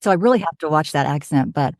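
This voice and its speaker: A woman in her fifties from Oklahoma talks in a low, chatty voice. She tells her story in an animated, casual podcast manner. The sound is dry and close. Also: quick pace, dry recording. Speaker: voiceover artist, guest.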